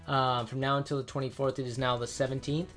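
A man's voice: medium pitch, level tone, fast, fairly bright tone, soft background music. A man hosting a casual gaming podcast, rambling with many fillers and restarts. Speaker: podcast host.

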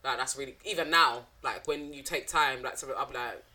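A woman's voice: rumbling low, brisk, sharp tone. A woman co-hosting a podcast in casual chat, blunt and jokey, laughing often. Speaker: podcast co-host.

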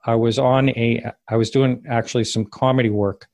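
A man of mid pitch tells a story in a halting, rambling way, often stopping to correct himself. The recording is dry and close, with no room sound around his voice. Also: steady tone, gravelly, darkish tone, dry recording. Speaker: interview guest. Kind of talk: casual spoken recollection.

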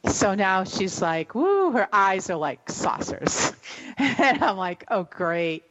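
A woman's voice: mid-range voice, animated, slow, a bit bright, dull audio. Rambling middle-aged woman telling a story. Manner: rambling, emotional, many fillers and restarts. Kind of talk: casual storytelling on a radio show.

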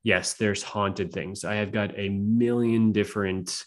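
A man's voice: lowish voice, steady tone, a little slow. A man telling spooky stories as a podcast guest, in a casual, rambling way full of fillers and swearing. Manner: profane, rambling, filler-heavy. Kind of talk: casual storytelling chat.

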